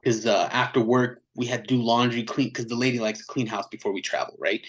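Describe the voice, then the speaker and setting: A man with a medium-pitched voice talks fairly quickly over poor audio. As a metal band vocalist guesting on a podcast, he casually tells an animated, slangy story, mimicking other people's words in different voices.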